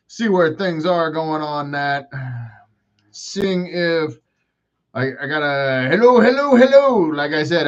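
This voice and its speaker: A man's voice: a little high, lo-fi sound. A man in his forties hosting a solo podcast, rambling through profane, self-mocking rants. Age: 40s. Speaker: podcast host.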